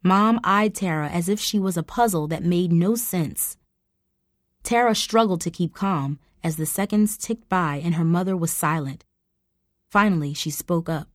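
A woman reading a story aloud as narrator, steady and even. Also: fairly low pitch, unhurried, dry recording, clean studio sound.

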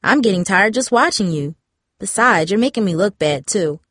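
A woman's voice: mid-range voice, lively intonation, moderate pace, a bit bright, slightly rough, no echo, clean studio sound. A woman voicing a joking, easygoing teenage girl coworker in an audiobook story. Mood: teasing. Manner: teasing, easygoing.

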